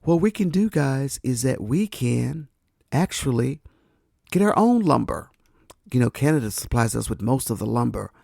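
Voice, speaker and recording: Gravelly, mellow-voiced man talking politics. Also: medium pitch, very animated, moderate pace, no echo, studio quality. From United States. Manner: conversational, addresses listeners as guys, asks rhetorical questions. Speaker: podcast host. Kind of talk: casual political commentary.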